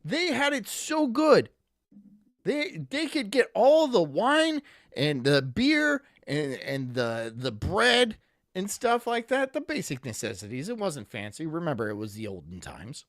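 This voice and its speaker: A man's voice: sits high, huge pitch swings, unhurried, a bit bright, no room sound, clean studio sound. A man streaming casually, reading chat aloud and rambling through jokey asides.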